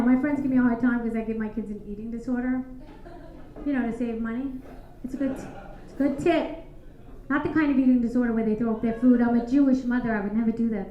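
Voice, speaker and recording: High-voiced brash woman doing stand-up. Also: a little hiss or hum. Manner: brash, deadpan punchlines to the crowd. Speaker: stand-up comedian hosting a show. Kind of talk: stand-up routine. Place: comedy club stage. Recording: echoey club, slightly dull sound.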